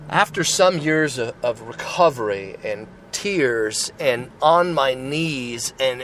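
A man's voice: medium pitch, a bit bright. Earnest man preaching over street noise. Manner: earnest and rambling, many restarts and "right?", "you know". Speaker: Christian speaker sharing testimony. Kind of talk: informal preaching with personal testimony. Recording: noisy street with passing cars.

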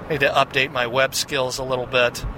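A man's voice: medium pitch, level tone, brisk. Man, podcast host, rambling confessional monologue, audible road noise around him. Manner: rambling, many restarts and "right?" tags.

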